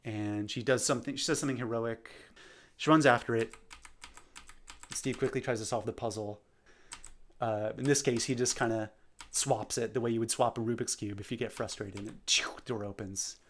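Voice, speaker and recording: A man's voice: mid-range voice, fairly even intonation, moderate pace, a bit bright, slight background noise. Man casually rambling through a storyboard. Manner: rambling, self-deprecating. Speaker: animator.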